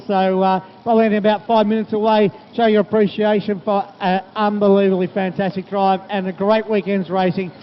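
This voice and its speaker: Flat-voiced race commentator. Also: male voice, high voice. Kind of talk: commentary sign-off. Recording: dull live-stream audio with faint noise.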